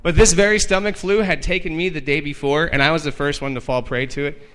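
A man emceeing a gathering, introducing the next speaker with a lively story and acting out the voices of the people in it. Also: on the high side, fast talker, big-room sound, slight background noise. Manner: lively, acts out quoted voices.

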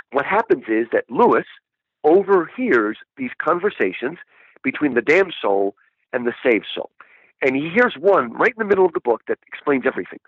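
With a fairly high, breathy voice, a man talks animatedly as a guest about a book. He's enthusiastic, poses rhetorical questions, and leans on "right?" again and again. Sound is dry and lo-fi, dull, with no room sound.

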